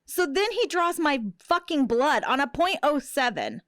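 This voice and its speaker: A woman's voice: high-pitched, a little slow, dry recording, clean studio sound. A middle-aged woman hosting a podcast, telling a story in casual, profane chat and acting out the people she quotes. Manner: profane, animated, acts out quotes. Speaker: podcast host.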